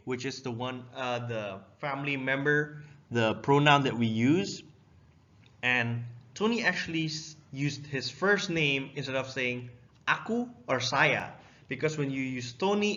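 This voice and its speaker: Bright-voiced young man teaching. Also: medium pitch. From Indonesia. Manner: explains step by step, reading words aloud. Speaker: language teacher. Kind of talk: casual lesson. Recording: dull, lo-fi sound.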